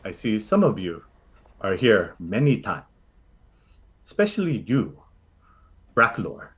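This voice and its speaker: A man's voice: lowish voice, big pitch swings, slow. A man voicing a motherly old Filipino grandmother sorceress in a tabletop game, speaking broken English with a Filipino accent and calling everyone honey. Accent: Filipino English, put on. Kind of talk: tabletop role-play voice acting.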